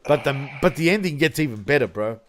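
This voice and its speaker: A man's voice: medium pitch, animated, quick pace, a little hiss or hum. A man co-hosting a crude, casual podcast chat, laughing often and saying "bro" a lot. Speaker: podcast co-host.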